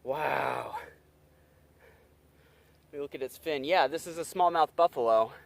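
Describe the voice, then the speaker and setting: Excitable young man vlogging outdoors. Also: a little high, measured pace, vocal fry. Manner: excitable, talks straight to viewers. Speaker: wildlife vlogger. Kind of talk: outdoor fishing vlog. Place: outdoors by a small creek.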